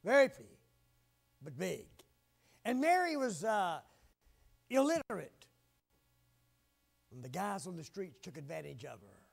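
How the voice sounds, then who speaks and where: An older male preacher delivers a fervent sermon in a high, gravelly voice. He swings from loud exhortation down to quiet, hushed asides. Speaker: pastor.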